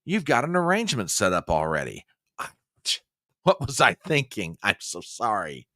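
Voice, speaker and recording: A man's voice: huge pitch swings, moderate pace, dry recording, studio quality. A man hosting a political commentary show, ranting angrily and sarcastically. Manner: angry, sarcastic, swinging between low growl and shouting.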